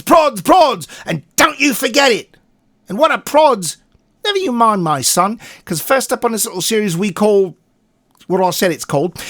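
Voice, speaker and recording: A man's voice: high voice, a bit bright, pitched above the performer's own voice. A man putting on a brash young mod tough with a fake London-style voice and made-up slang.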